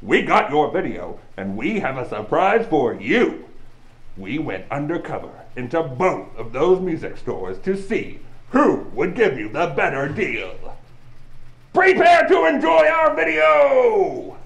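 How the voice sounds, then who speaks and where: A man's voice: mid-range voice, big pitch swings, a little slow, reverberant, low-quality recording. A man voicing a pompous, theatrical male alien drummer in an educational puppet comedy. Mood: grandiose. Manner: grandly theatrical, fussy.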